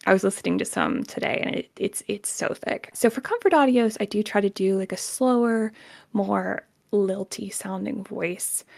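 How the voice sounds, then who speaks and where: A woman's voice: mid-range voice, vocal fry. A young woman voice actor with a Southern US accent, chatting in an interview and laughing often. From southern United States. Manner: animated, laughs often, mixes in quick demo voices. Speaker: professional voice actor guest. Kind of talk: casual interview chat.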